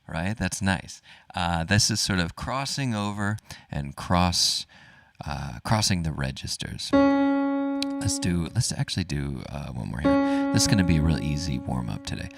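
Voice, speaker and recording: A man teaching a live-streamed vocal warm-up, encouraging and relaxed, demonstrating sung vowels between explanations. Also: deep voice, a little slow, creaky, loud music behind the voice. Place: home studio, dogs nearby.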